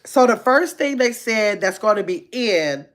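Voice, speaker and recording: A woman hosting a casual livestream, reading viewer comments aloud and chatting quickly and playfully. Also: mid-range voice. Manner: talks fast, says so herself; lively, chatty, laughs easily. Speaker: livestream host.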